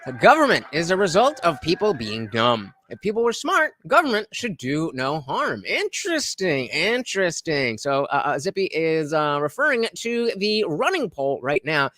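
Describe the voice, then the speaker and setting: A man hosts a casual livestream and talks straight to his viewers in loose, rambling commentary full of fillers and false starts. His voice sits a little high and swings widely in pitch, and the sound is close and dry. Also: very animated, moderate pace, few pauses, bright, forceful tone, no room sound. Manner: rambling, with many fillers and restarts; chats directly to viewers. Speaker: livestream host reacting to a podcast clip.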